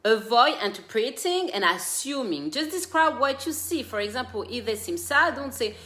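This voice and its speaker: Woman host talking parenting tips, bright higher voice, echoey room. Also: very animated, a little slow. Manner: earnest, speaks directly to parents, mixes own stories with tips. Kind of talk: casual advice talk.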